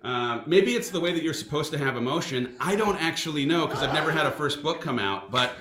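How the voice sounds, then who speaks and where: A man in his thirties hosting a casual vlog, playful and excitable as he chats. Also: on the high side, fairly quick, noisy background. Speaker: vlog host and first-time author. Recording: echoey room.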